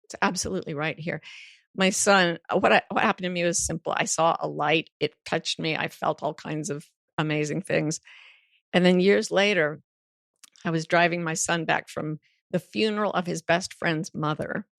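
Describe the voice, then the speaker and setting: Woman in her 60s, guest author, animated storyteller, gravelly low voice. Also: moderate pace, no echo, clean studio sound. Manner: animated storyteller, playful, swears freely. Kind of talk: podcast interview.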